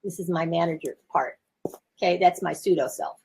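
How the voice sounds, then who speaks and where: A woman's voice: lowish voice, normal speed, darkish tone, slight background noise. A woman in her seventies, a therapist and teacher, giving candid, self-reflective coaching talk from her office. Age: 70s. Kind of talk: casual talk to camera.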